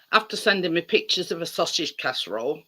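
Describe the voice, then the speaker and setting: This livestream host is a man whose high voice carries a sharp tone and a breathy edge. He keeps the chat casual, telling stories punctuated by plenty of laughter, and comes through a livestream video call.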